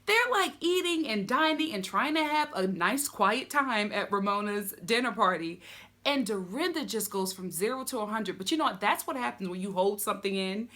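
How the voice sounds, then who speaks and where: A woman hosting a comedic reality TV recap vlog, sassy and animated, laughing often. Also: medium pitch, moderate pace. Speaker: host of a TV recap channel.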